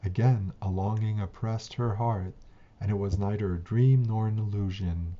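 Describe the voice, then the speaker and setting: A man reading a translated old tale aloud, slow and measured. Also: lowish voice, steady tone. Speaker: narrator. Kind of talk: storybook reading. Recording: dull lo-fi recording.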